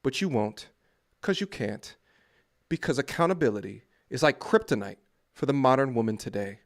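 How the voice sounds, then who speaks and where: A man doing livestream reaction commentary, mocking and lecturing in loud, preachy rants aimed at his chat. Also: medium pitch, big pitch swings, normal speed.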